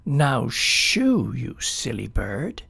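A man's voice: medium pitch, huge pitch swings, drawn-out words, vocal fry, sharp tone, breathy edge, heavily acted. A man voicing a grumpy, territorial male tree frog in a storybook, grumbling and impatient.

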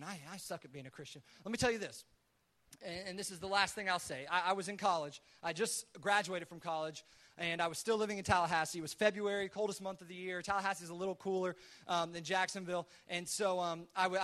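A man preaching a sermon as a pastor, telling stories in a conversational way and acting out the lines of the people in them. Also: sits high. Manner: animated, acts out his own and others' quoted lines; conversational, many restarts. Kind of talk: sermon storytelling.

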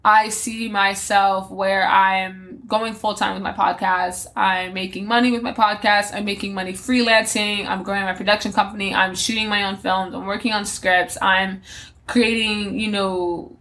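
In a solo reflective podcast, a woman in her twenties muses candidly about her plans, rambling with lots of fillers and restarts. Her medium-pitched voice has a sharp tone, a level delivery, and a normal speed.

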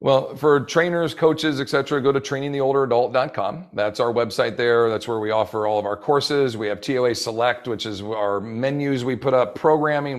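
Enthusiastic rambling man coaching older adults. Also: medium pitch. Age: 40s. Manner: enthusiastic, rambling, acts out quoted dialogue. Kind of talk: guest in podcast interview.

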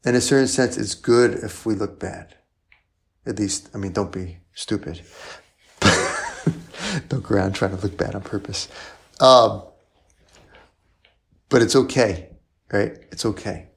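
Male priest, low voice, conversational sermon, rhetorical questions, frequent "right?". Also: unhurried, gravelly, pauses often.

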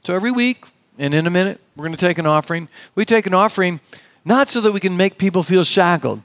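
A man's voice: sits high, fast, fairly bright tone, no room sound. A middle-aged male pastor preaching a sermon in an earnest, conversational way, often quoting dialogue.

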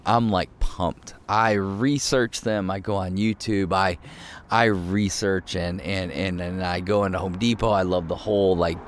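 A male pastor giving a casual, conversational sermon, self-deprecating and full of fillers and restarts. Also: fairly low pitch.

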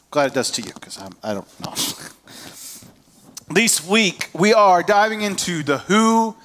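A man's voice: on the high side, a little hiss or hum. A man in his thirties, a pastor preaching a conversational sermon to a congregation, who often acts out the questions of anxious people. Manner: conversational, animated, acts out voices of worried people. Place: church hall.

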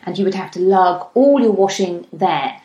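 A woman in her thirties, hosting a reflective solo podcast talk in a gentle, chatty manner, slowing down to stress her points. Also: fairly low pitch, expressive, dull audio. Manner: gentle, chatty, slows down for emphasis. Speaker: podcast host. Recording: echoey room.

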